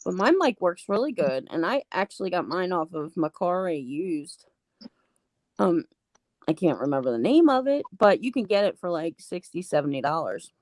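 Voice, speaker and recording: A woman's voice: lowish voice, very animated, normal speed, darkish tone, no room sound. A woman co-hosting a livestream, giving matter-of-fact advice in casual chat.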